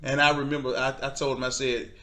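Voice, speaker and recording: A man recounts a personal story in conversation. He animates it by mimicking the people he quotes, with frequent laughter and an easy, expressive delivery. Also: medium pitch, quick pace. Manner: animated, acts out quoted voices, laughs often. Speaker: guest. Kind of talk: storytelling testimony.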